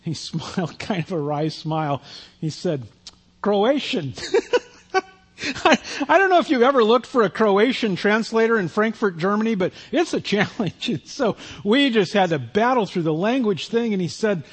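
A man's voice: sits high, expressive, normal speed, husky. A man preaching a sermon, telling a self-deprecating personal story in a conversational way. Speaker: pastor.

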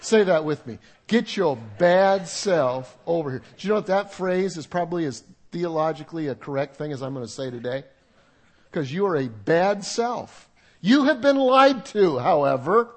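Older male pastor, high-pitched, chatty sermon delivery with jokes and asides to the congregation. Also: expressive, normal speed. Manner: conversational, humorous preaching with audience asides. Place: church sanctuary with congregation.

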